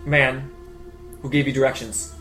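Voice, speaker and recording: A man narrating as game master in a tabletop game, in loose, halting narration with fillers. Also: mid-range voice, flat delivery, a bit bright, soft background music.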